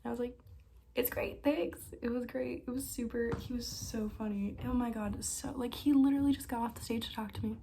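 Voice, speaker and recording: A young woman vlogger telling stories in a casual, excitable way, with quick bursts and frequent laughs. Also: on the high side, slight background noise. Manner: excitable, fast bursts, lots of likes and laughs. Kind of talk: casual storytime chat.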